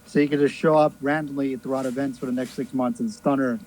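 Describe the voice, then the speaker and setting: A man on a podcast panel in casual chat, teasing the others and quick to make bets. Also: medium pitch, fairly even intonation, darkish tone, slight background noise, poor audio.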